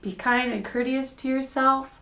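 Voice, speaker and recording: Speaking directly to her viewers, a young fitness creator and mom shares an emotional, earnest vlog, her voice shaking as she holds back tears. The echoey room carries her high-pitched, slightly bright voice, with fairly even intonation at normal speed.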